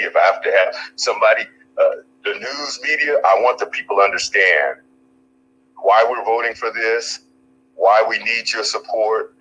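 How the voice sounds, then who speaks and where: A man's voice: fairly low pitch, sharp tone, slight background noise, low-quality recording. A man running for office, answering interview questions in an earnest, rambling, emphatic way. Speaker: political candidate.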